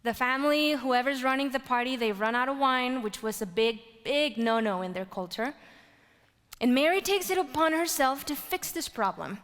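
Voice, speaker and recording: Woman preacher, high voice, storytelling sermon, big swings from loud to whispered, long hall reverb. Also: normal speed. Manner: animated storytelling, rising to loud exclaims and dropping to whispers.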